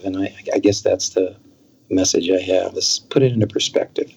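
Gravelly, husky man telling stories. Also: low-pitched, fairly even intonation, normal speed, darkish tone, rough recording. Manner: earnest, storytelling with quoted dialogue. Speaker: guest. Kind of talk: conversational interview.

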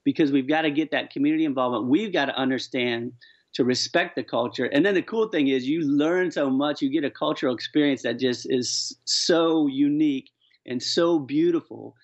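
A man's voice: mid-range voice, normal speed. A man telling stories earnestly and with animation as an author guest on a radio interview. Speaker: author and charity founder, guest. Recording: dull lo-fi sound.

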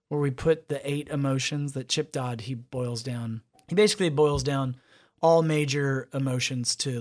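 A man, a podcast guest and father, talking in a casual interview and acting out quotes as he tells stories. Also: medium pitch. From United States. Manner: animated storyteller, acts out quotes.

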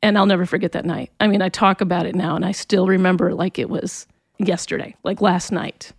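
A woman giving an earnest, emotional personal faith testimony as an interview guest, often halting and restarting. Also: fairly low pitch, level tone, vocal fry, no echo.

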